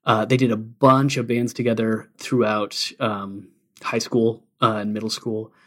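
A man co-hosting a casual music podcast, telling background stories in a relaxed, halting way with many uhs and ums. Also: fairly low pitch. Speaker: podcast co-host.

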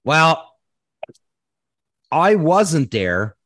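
A man's voice: on the high side, very animated, very slow, a bit bright, no room sound. A man hosting a podcast, chatting casually in a rambling way, full of fillers and swearing. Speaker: podcast host. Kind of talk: casual chat.

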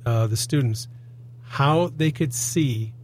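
A man hosting a faith talk show in a studio, chatting casually and dropping quick affirmations while his guest speaks. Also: mid-range voice, a little mellow, a little hiss or hum. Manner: conversational, interjecting affirmations. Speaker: host. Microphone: studio mic.

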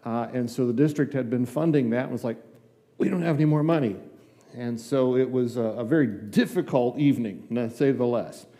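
A long reverb tail follows a brisk, warm, medium-pitched male voice that rarely pauses. In a church sanctuary, this older district superintendent preaches as a guest, folksy and conversational, acting out small exchanges with asides.

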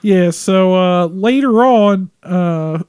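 Male podcast co-host, high voice, dry close sound, loose swearing casual film chat. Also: slow, darkish tone, clear, resonant tone, dry recording. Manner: rambling, swearing, laughs often.

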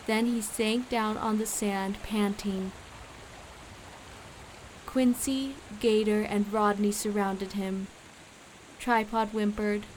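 Slow-reading woman storyteller. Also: mid-range voice, fairly even intonation, a little mellow, a little hiss or hum. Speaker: audiobook narrator. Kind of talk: scripted children's story narration.

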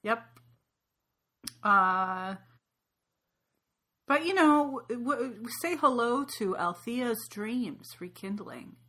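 A woman's voice: on the high side, lively intonation, extremely slow, pauses often, pushed and bright. A woman hosting a casual book-club podcast, loose and joking, with the odd swear word.

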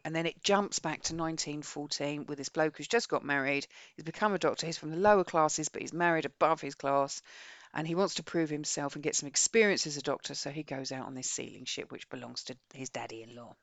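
Low-voiced and recorded dry, this British podcast co-host gives her frank, expressive take on a book she has read. In a chatty, casual manner she reads out a synopsis too.

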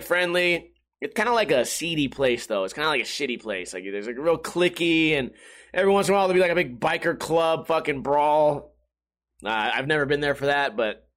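Young guy ranting through a bar story, high voice that jumps all over, lots of swearing and laughing. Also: fairly bright tone. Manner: profane, laughing, mimics others in a higher voice. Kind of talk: casual storytelling monologue.

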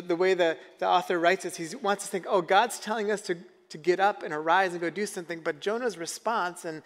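A high-voiced male pastor preaches a sermon in an echoey hall. His manner is conversational, and he asks the audience questions.

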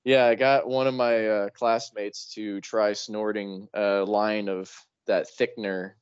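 A man's voice: lowish voice, level tone, a little slow, clear, resonant tone, no echo, dull audio. A young man guesting on a podcast, telling dry, laid-back anecdotes in casual chat. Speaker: guest writer.

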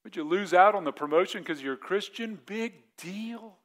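A high-pitched pastor in his forties preaches conversationally, acting out quick voiced asides as he goes.

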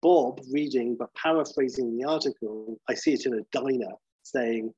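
A man casually pitching a film idea, rambling with many fillers and restarts. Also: normal speed, a little mellow, husky, dry recording, highs cut off. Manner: rambling, full of fillers and restarts, acts out the characters.

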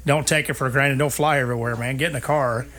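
A man talking with friends in a relaxed conversation. His voice is bright and forceful at a middle pitch, and he speaks encouragingly, dropping "man" into his sentences. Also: fast. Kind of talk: casual group chat.

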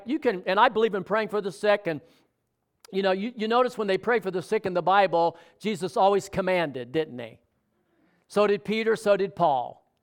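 A man preaching a sermon in a conversational way, often asking the congregation questions. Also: high-pitched. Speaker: pastor.

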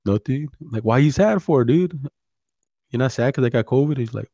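A man's voice: mid-range voice, lively intonation, fairly quick, dark tone, muffled recording. A man, hosting a casual chat, swearing a lot and mixing in Spanish slang. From California. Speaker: podcast host.

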